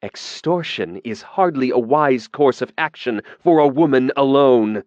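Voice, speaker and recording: A man's voice: medium pitch, expressive, unhurried, a little mellow, no room sound, dull audio, voice pushed up, natural voice. A man voicing a cold, fretful mage in an audiobook, grim and clipped, with a threatening edge. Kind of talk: audiobook character voice.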